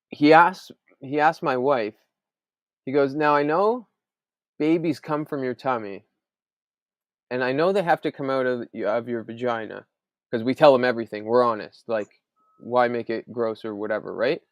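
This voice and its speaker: A man's voice: medium pitch, unhurried, long pauses, no echo. Casual, chatty man telling stories. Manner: animated storyteller, frequent "like" fillers. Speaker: podcast host. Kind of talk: casual chat.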